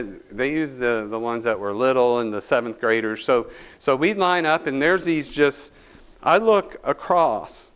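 A man's voice: medium pitch, a bit bright, smooth. A male pastor, preaching a sermon through a folksy personal story full of restarts.

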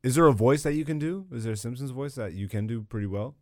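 A man's voice: medium pitch, fast talker, dry recording, clean studio sound. A man hosting a podcast in loose, profane chat, laughing a lot. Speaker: podcast host. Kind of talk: casual chat.

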